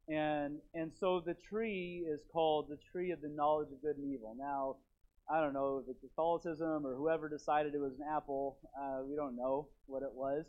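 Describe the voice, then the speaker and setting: A man preaching a sermon as pastor in his church, rambling and repeating himself with animated stops and starts. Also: a little high, normal speed. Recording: tinny phone-like sound.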